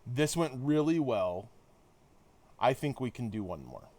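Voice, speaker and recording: A man's voice: mid-range voice, expressive, unhurried, dark tone. Chatty man streaming a game. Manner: chatty, talks to chat, thinks aloud with restarts. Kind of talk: casual game livestream commentary.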